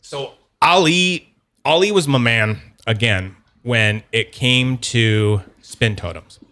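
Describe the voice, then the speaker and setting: A man's voice: mid-range voice, takes it slowly, sharp tone. A young man hosting a casual livestream chat, rambling, restarting his sentences and laughing often. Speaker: podcast host.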